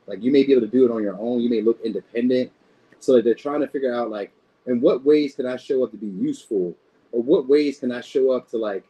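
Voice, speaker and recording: A man's voice: mid-range voice, mellow, breathy edge, highs cut off. A man giving a casual tarot reading in a loose, rambling way, swearing freely as he talks. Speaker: tarot reader.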